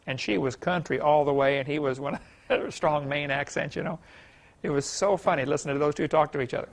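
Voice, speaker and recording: A man's voice: a little high, vocal fry, a bit bright. A man giving a folksy classroom lecture, telling anecdotes with chuckles and many "you know"s.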